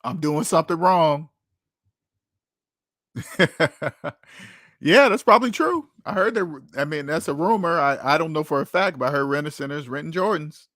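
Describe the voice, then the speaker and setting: A man with a high, lively voice talks through a casual monologue, swearing freely and laughing at his own past. The sound is dry and close, with no room echo. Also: moderate pace, pauses often. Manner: animated, profane, laughs at himself, acts out quotes. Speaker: podcast host. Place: Seattle.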